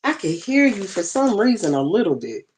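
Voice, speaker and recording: A chatty host on a live stream who talks straight to the chat and leans on y'all and ain't. They fuss aloud over technical trouble while teaching a class from a tablet with bone-conduction headphones on. The voice sits at an ordinary middle pitch. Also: big pitch swings, moderate pace, a little mellow, husky, rough recording. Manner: uses plenty of y'all and ain't.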